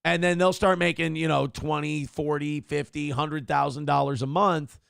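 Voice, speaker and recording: A man's voice: fairly high pitch, moderate pace, creaky, hardly any pauses, a bit bright, no echo, clean studio sound. A man hosting a live-streamed morning talk show, rambling and mocking in casual commentary and reading out donors' messages. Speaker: livestream show host.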